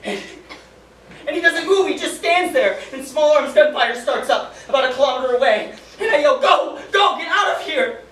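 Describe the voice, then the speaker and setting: An actor playing a young private haunted by sparing an enemy prisoner, in a dramatic stage monologue, halting and hushed, breaking into frantic shouting. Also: sits high. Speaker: soldier recounting a war memory. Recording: echoey room from far off, with background noise.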